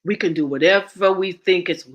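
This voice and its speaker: A woman with a lowish voice, speaking at a moderate pace, gives an impassioned address as a guest and ritual teacher, preaching bluntly and with profanity while posing rhetorical questions.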